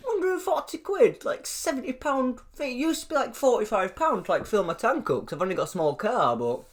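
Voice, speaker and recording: A man's voice: very high voice, big pitch swings, brisk, a bit bright. A young British man co-hosting a podcast, chatting casually, swearing a lot and laughing often. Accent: British English. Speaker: podcast co-host. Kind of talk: casual chat.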